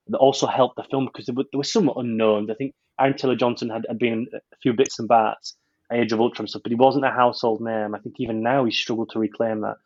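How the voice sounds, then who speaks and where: A man's voice: mid-range voice, darkish tone, dull audio. A man reviewing a film on a podcast in casual chat, rambling with many restarts.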